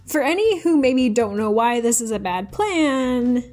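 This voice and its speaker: Woman host, high voice, reads posts with sarcastic quips; faint music underneath. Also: lively intonation, a little slow, a little mellow. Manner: wry, playful sarcastic asides. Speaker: YouTube host. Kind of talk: reading out posts with casual commentary.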